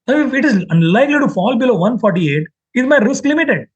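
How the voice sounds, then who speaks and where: A man with an Indian English accent teaching trading in a live online class, acting out buyers and sellers in quick quoted lines. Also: very high-pitched, breathy edge, lo-fi sound. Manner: animated, acts out buyers and sellers in quoted voices. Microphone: webcam mic on a video call.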